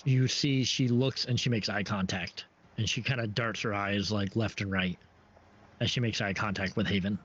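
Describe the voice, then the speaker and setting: A man narrating as game master for a tabletop game, halting and full of restarts. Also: fairly low pitch, fairly even intonation, a bit bright, slight background noise. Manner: halting, many restarts and fillers. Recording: dull lo-fi stream audio.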